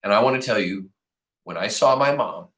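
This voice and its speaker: A man's voice: on the low side, animated, moderate pace, fairly bright tone, roomy sound, low-quality recording. A man, a teacher, reading a novel aloud to his class and stopping often to talk with the students.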